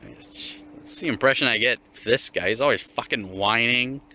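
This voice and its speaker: This vlogger is a young man out walking his dog, casually venting with frequent swearing, mockery and lots of laughter. His voice sits at medium pitch with a sharp tone, and his pace is normal.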